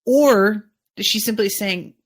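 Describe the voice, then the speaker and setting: At a slow pace and in a mid-range voice, this podcast host chats her way through an episode recap. Her casual delivery is full of musing, thinking aloud, and plenty of fillers.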